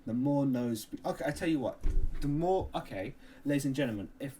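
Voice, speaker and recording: A man's voice: mid-range voice, lively intonation, fairly quick, mellow, a little hiss or hum. A man co-hosting a casual podcast, boisterous, swearing and laughing often. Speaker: podcast co-host.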